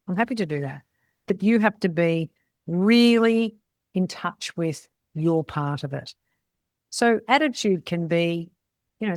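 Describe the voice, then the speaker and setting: A woman's voice: fairly low pitch, no room sound. A middle-aged woman, coaching salon owners in a blunt, chatty way and often tagging her points with "right?". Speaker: salon business mentor. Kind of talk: casual coaching talk.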